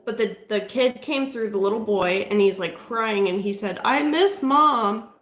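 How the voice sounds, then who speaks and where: A paranormal investigator chats casually in a room inside a house during a ghost hunt, her medium-pitched voice moving at a normal speed. She often trails off and starts over, and she pauses to put questions to the spirits. The low-quality recording has a roomy sound.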